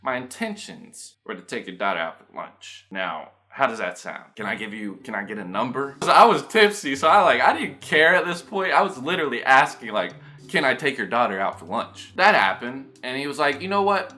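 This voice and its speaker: A young man vlogging, telling a story in a casual, animated way and acting out both sides of the conversation. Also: mid-range voice, brisk, few pauses.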